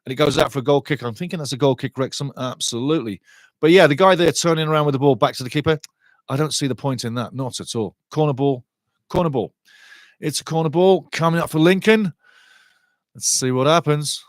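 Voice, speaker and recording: A middle-aged man hosting a live match watchalong, commentating on play and chatting with viewers in a lively, excitable way. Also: fairly quick, dry recording, studio quality. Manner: excitable, chatty, rises in pitch and volume on attacking play. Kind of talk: live fan commentary with chat reading.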